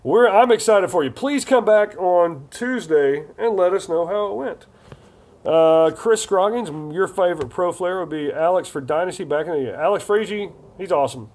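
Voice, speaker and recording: A man's voice: high-pitched, animated, normal speed, darkish tone. A man hosting a casual live stream, chatty and jokey as he reads viewer comments aloud.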